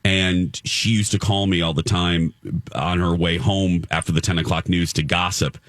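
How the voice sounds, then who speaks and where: A man's voice: deep voice, fairly even intonation, moderate pace, fairly bright tone, no room sound. A man in his thirties hosting a casual radio show, telling a heartfelt story with many restarts. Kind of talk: casual morning show chat.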